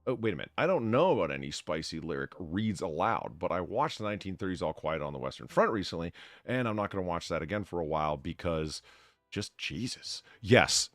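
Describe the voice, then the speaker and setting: A man's voice: deep voice, very animated, a little fast, fairly bright tone, dry recording, studio quality. A man hosting a casual live stream, thanking donors and rambling in a self-deprecating way. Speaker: bartender host.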